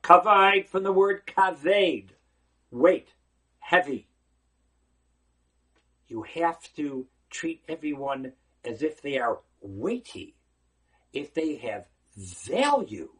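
Animated rabbi a husky voice. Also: male voice, a little high, takes it slowly, pauses often. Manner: animated, acting out quoted voices, rhetorical questions. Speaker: rabbi giving a short Torah talk. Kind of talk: animated sermon-style lesson.

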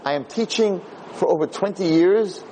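A man's voice: high voice, normal speed, dark tone, slight background noise, lightly acted, low-quality recording. A man voicing a stern, formal schoolteacher who scolds a pupil. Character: stern veteran woman schoolteacher.

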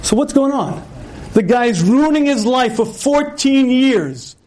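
Animated, high-voiced male lecturer. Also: slow. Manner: animated storyteller acting out dialogue; clears throat often. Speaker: rabbi giving a lecture. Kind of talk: storytelling lecture.

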